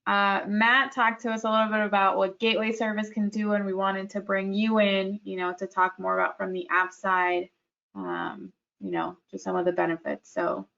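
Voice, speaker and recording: A woman's voice: medium pitch, flat delivery, moderate pace, vocal fry, a bit bright, muffled recording. A woman hosting a webinar in a friendly, upbeat, casual way over a video call. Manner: friendly, upbeat, loose with fillers. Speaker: host.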